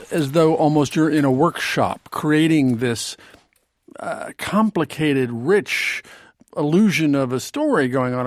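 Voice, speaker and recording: A man's voice: on the high side, no room sound, studio quality. A man interviewing a guest, searching for his words as he frames a question.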